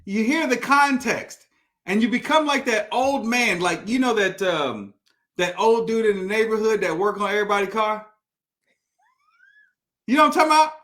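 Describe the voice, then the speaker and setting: High, bright-voiced man telling a story. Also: moderate pace. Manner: animated storyteller, swears freely, acts out voices. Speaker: coach, guest. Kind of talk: storytelling in a live stream conversation.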